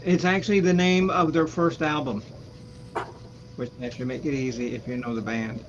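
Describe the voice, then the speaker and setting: A woman's voice: rumbling low, little pitch movement, normal speed, dull audio, a little hiss or hum. A woman co-hosting a casual livestream chat, chatty and laughing easily, with hesitant fillers.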